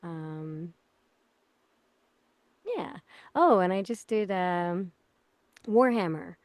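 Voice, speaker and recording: A woman voice actor talking casually as a podcast guest, bubbly and quick to laugh. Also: fairly low pitch, lively intonation, no room sound. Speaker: voice actress guest. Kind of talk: casual interview chat.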